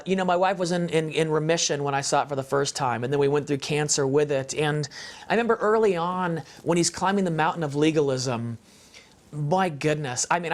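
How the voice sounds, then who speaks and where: Passionate man sharing his faith. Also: on the high side. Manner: passionate, emphatic, repeats phrases for stress; conversational, with fillers and restarts. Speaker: guest speaker on a parenting show. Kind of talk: heartfelt faith testimony.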